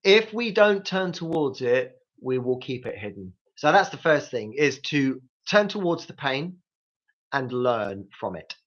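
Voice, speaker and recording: A man's voice: mid-range voice, very animated, measured pace, a bit bright, dull audio. A man hosting a live grief support talk, coaching listeners directly with practical tips. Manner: coaching, speaks straight to listeners.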